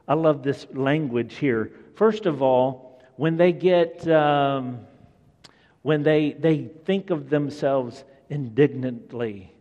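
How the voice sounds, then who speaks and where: Slow-talking preacher in an echoing hall. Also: male voice, medium pitch, a little mellow, muffled recording. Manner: conversational, asks the listeners questions. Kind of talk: sermon. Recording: long echoing hall reverb.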